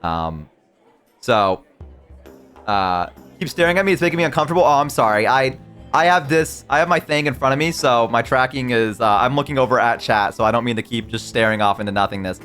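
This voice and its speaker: A man's voice: mid-range voice, expressive, a little fast, a bit bright, clean tone, faint music behind. A man streaming live, talking casually and rambling as he answers chat mid-sentence.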